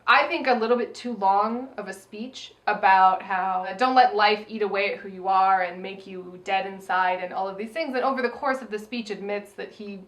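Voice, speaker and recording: A woman's voice: mid-range voice, normal speed, hardly any pauses, dull audio. A woman co-hosting a film review podcast, chatting casually, swearing freely and acting out her own reactions. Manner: animated, profane, acts out her reactions. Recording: roomy echo.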